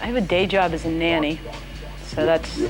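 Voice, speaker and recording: Brief: thirties woman from Nova Scotia, slightly low voice, chatty interview over background music. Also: steady tone, normal speed, rough recording. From Canada, Nova Scotia. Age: 30s. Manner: chatty and self-deprecating. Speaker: comedian. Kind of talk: casual interview.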